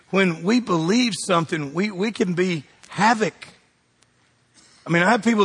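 A pastor in his fifties gives a folksy, emphatic sermon in a husky, high voice at a normal pace. He shifts between hushed asides and ringing declarations.

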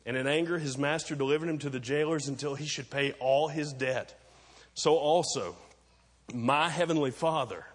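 A man preaching a sermon as pastor, talking conversationally, explaining and asking rhetorical questions, then building to emphatic points. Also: medium pitch. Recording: long reverb of a large hall.

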